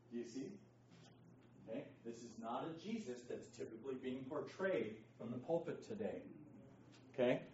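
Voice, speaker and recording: A man's voice: mid-range voice, expressive, moderate pace, long pauses, darkish tone, slight background noise. A man leading an interactive Bible lesson, speaking emphatically, quizzing his class and often checking in with "okay?". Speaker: Bible study teacher. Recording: echoey room, distant dull mic.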